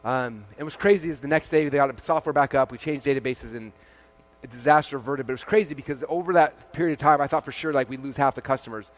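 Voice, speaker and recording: A man in his forties, medium in pitch, gives an animated keynote on a large stage before a live audience. He dramatizes conversations in quick quotes and leans heavily on the word "like."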